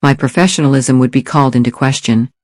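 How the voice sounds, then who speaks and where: A man's voice: mid-range voice, fast, darkish tone, no echo, studio quality, natural voice. A man doing a nasal, fearless English assassin. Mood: cool. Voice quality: slightly nasal. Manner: formal, fearless, says "sir". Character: cold, polite male assassin.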